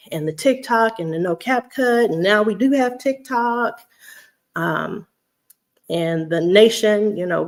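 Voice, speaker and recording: A woman with a Southern US accent, chatting casually on a livestream. She is a teacher, reads viewer comments aloud and laughs often. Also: medium pitch. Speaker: vlogger on a weight-loss journey.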